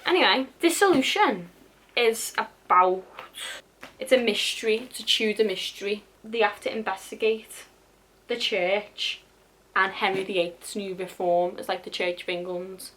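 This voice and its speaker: A woman's voice: mid-range voice, a little slow, a bit bright, a little hiss or hum. A young woman chatting casually about her unread books, with dramatic asides and casual swearing. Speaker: book vlogger. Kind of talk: casual chat.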